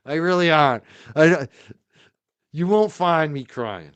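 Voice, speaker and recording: A man's voice: on the high side, lively intonation, slow, fairly bright tone, smooth. A man hosting his own livestream show, talking casually and emotionally, moved and grateful, then indignant. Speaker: podcast host.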